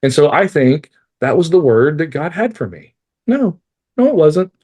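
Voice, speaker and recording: A man's voice: fairly high pitch, normal speed, slightly rough. A man in his forties tells a personal story as a podcast guest. He talks candidly, swears freely and pokes fun at himself. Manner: swears freely, animated and self-mocking. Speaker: podcast guest, life coach.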